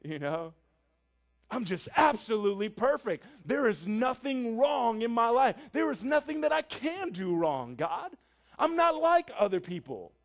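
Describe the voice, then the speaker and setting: A self-satisfied male Pharisee brags to God about his perfection, as a preacher puts him on. The voice sits fairly high for a man but sinks low and hushed as he preens. It comes across as smug and pompous. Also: very animated, measured pace, creaky, heavily acted. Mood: boastful.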